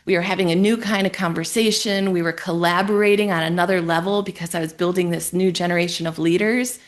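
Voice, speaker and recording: A woman from Ohio shares her story as a podcast guest, her voice sitting a little low. She tells it in a lively, emotional way and acts out her own inner thoughts as she goes. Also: quick pace. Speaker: guest entrepreneur and business coach. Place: home in a Colorado town.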